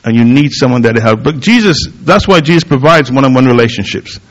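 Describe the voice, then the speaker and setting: A middle-aged male pastor preaching in an easy, conversational way. He pokes fun at himself and often stops and restarts his sentences. His voice sits at an ordinary middle pitch. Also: lively intonation, fairly quick, muffled recording. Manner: conversational, self-deprecating, with frequent fillers and restarts. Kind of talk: sermon.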